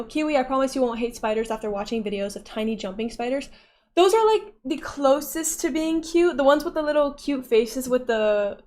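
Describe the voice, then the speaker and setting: A woman's voice: on the high side, darkish tone. A young woman livestreaming, casually reading and answering chat with playful giggles.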